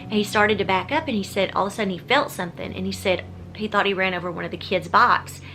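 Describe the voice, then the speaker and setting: A woman's voice: mid-range voice, fast, music in the background. A woman talks casually in a Q&A vlog from home. She rambles, often stops and restarts her sentences, and addresses viewers directly. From Texas. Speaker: vlogger.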